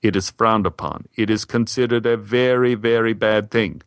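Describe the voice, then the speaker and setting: A man voicing a stern, older Norwegian theater director in a story, speaking solemnly in a lowered, measured voice. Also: fairly even intonation, clean tone, dry recording, clean studio sound, natural voice. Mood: earnest.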